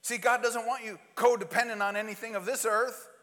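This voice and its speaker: High, bright-voiced preacher in a reverberant hall. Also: male voice, steady tone, brisk. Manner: swings from loud urgent preaching to hushed, intimate asides; acts out quoted prayers and pleas in different voices. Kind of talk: sermon.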